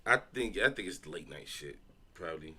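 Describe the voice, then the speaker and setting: A man's voice: low voice, expressive, fairly quick, sharp tone, slightly rough. A man from Chicago reacting to videos on stream, talking loosely and profanely with frequent restarts. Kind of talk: casual reaction stream chat.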